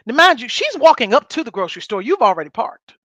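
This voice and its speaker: A middle-aged woman, co-hosting a podcast and telling a story in a loud, blunt, animated way. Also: fairly high pitch, fast talker, no echo, dull audio. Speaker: podcast co-host. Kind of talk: casual storytelling chat.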